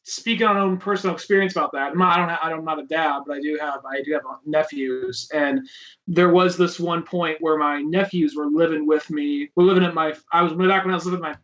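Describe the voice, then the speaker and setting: A man in his twenties co-hosts a podcast and chats in a laid-back way, joking and swearing casually. His voice is fairly high and bright. The audio sounds a bit muffled. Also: fairly quick. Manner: relaxed, swears casually, jokes along. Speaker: podcast co-host. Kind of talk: casual chat.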